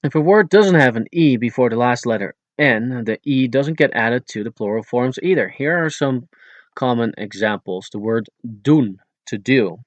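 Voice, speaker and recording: A man's voice: mid-range voice, animated, no echo, dull audio. Man reading a Dutch grammar lesson. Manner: plain explanatory reading, slowing down to say the Dutch example words. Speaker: audiobook narrator teaching Dutch. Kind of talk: read-aloud language lesson.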